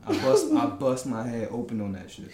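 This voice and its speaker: Young guy telling a story on a podcast, voice all over the place, echoey room. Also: medium pitch. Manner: animated, laughing, quick asides. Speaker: podcast guest. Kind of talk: casual storytelling chat. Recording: roomy room with faint noise.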